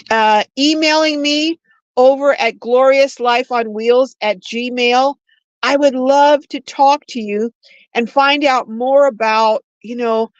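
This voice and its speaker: Older woman hosting a livestream, chatty and rambling, higher voice, dry lo-fi phone sound. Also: smooth, dry recording. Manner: rambling, chatty, frequent restarts and slow drawn-out words. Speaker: livestream host. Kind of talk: casual livestream chat reading viewer comments.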